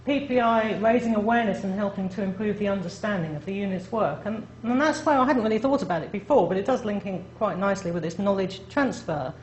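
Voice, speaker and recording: A woman's voice: medium pitch, fast talker, few pauses, darkish tone. A woman speaks to a room of listeners in a friendly, self-deprecating way, often checking in with them. The sound is roomy and echoey, with a faint hiss underneath. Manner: chatty, self-deprecating, addresses audience directly. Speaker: presenter. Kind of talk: conference presentation. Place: lecture room.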